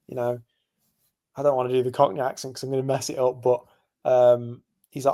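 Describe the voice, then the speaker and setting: A man's voice: mid-range voice, fairly even intonation, quick pace, mellow. A young man from England, co-hosting a podcast, telling a long story in casual chat with lots of ums and asides. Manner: rambling storyteller, many fillers. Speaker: podcast co-host.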